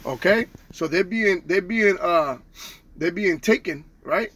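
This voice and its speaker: A man's voice: high-pitched, unhurried, a bit bright. A man teaching from the Bible in a casual street style, tagging nearly every line with "okay?" and "all right?", slangy and profane.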